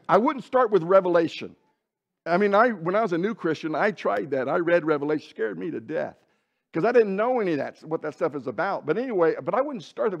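Male Bible teacher, fairly high voice, loose chatty delivery with restarts, dull lo-fi recording. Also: creaky. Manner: conversational, frequent restarts and self-corrections. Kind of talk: casual Bible lesson.

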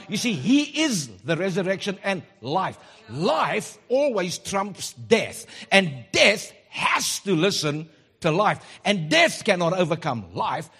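A middle-aged man preaching a sermon as pastor, animated and joking in asides. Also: high voice, slow, slightly rough.

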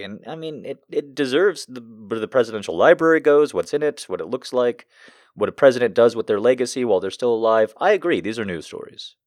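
A man's voice: medium pitch, lively intonation, fairly quick, dry recording, studio quality. A man from the United States delivering a heated, profane and emotional political rant as a commentator.

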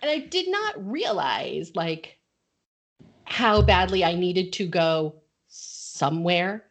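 A woman's voice: fairly low pitch, very animated, slow. Connecticut woman hosting a podcast, chatty, laughs a lot, middle-aged. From Connecticut, USA. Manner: chatty storyteller, laughs often. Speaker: podcast host. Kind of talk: casual podcast chat.

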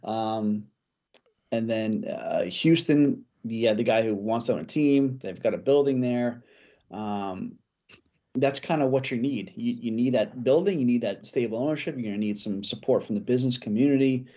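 A man chatting casually about hockey as a podcast guest, thinking out loud with fillers and restarts. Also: medium pitch, moderate pace, muffled recording. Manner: thoughtful, many fillers and restarts. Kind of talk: casual sports chat.

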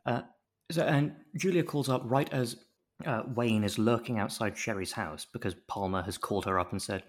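Brief: low-pitched male podcast co-host, rambling and jokey, fond of mock-lecture bits. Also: normal speed. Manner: jokey, rambling, swears, does mock-pompous explaining bits. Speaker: podcast co-host recapping a TV show. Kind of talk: casual chat.

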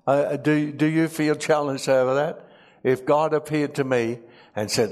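A man's voice: a little high, steady tone, unhurried, darkish tone. A man preaching a sermon, reading scripture aloud and adding emotional, humorous asides.

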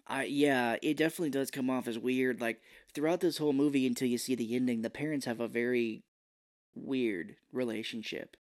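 A man co-hosting a film podcast in casual chat, retelling scenes with quick impressions. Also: mid-range voice, fairly even intonation, darkish tone. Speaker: podcast co-host.

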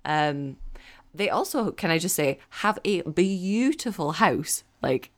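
A woman's voice: fairly low pitch, animated, takes it slowly. A woman co-hosting a podcast, chatting casually about a film with many "um"s and "like"s. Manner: chatty, frequent "um" and "like", laughs easily. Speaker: podcast co-host. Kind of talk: casual film review chat.

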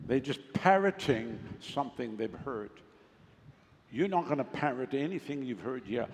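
A man's voice: mid-range voice, animated, moderate pace, a little hiss or hum. A pastor preaching a sermon, emphatic and calling on his congregation for responses. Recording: long reverb of a large hall.

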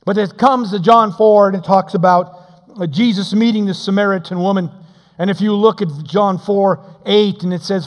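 At a normal speed and with a high-pitched voice, a male pastor delivers a sermon in a large church hall. His preaching shifts between shouts and quiet, intimate moments, and he playfully voices the quotes he acts out.

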